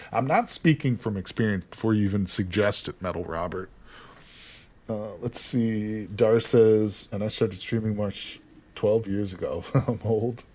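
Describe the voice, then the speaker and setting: American man, game streamer, lowish voice, joking and teasing, casual swearing, live-stream chat. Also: darkish tone, slightly rough.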